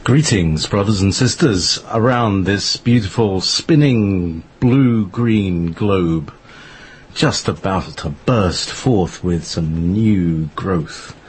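Man, radio host, low voice, faint background noise, slow rambling delivery. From Scotland. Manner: slow, rambling, many fillers. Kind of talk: casual internet radio interview. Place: home studio in northern Scotland.

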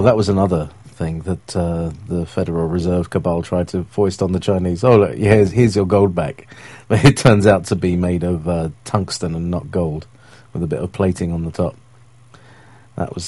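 Low-voiced rambling male host. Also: warm tone, slightly rough, no room sound. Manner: rambling, hesitant, full of fillers and laughs. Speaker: show host. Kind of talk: casual live-stream talk.

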